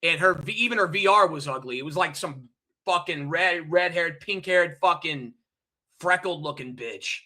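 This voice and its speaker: A man's voice: on the high side, normal speed, bright, forceful tone. A man hosting a livestream, ranting angrily to his chat, profane and repetitive, and pressing listeners with rhetorical questions. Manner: heated, profane, repetitive, addresses chat directly. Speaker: livestream host. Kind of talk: angry ranting livestream monologue.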